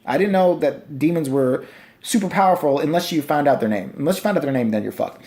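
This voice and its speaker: A man's voice: a little high, expressive, fast, mellow. A man rants through a casual movie review, full of sarcasm and profanity. He mocks the film scene by scene in a loose, conversational voice, recorded on a handheld camera.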